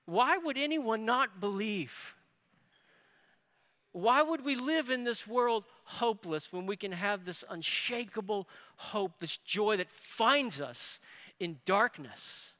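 A man preaching a sermon, telling a family story with rising excitement. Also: high-pitched, slow. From New Orleans area. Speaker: pastor. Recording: reverberant hall.

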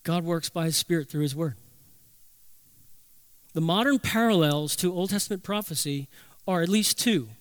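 A man preaching a sermon as pastor, emphatic, slowing down to stress key phrases. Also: a little high, dry recording.

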